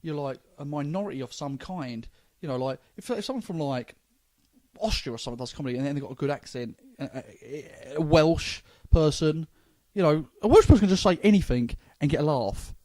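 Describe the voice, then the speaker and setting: A man's voice: on the high side, fairly quick, mellow, no echo. A man with a London accent, a comedian hosting a casual podcast chat, rambling with stammering restarts. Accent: London English. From England.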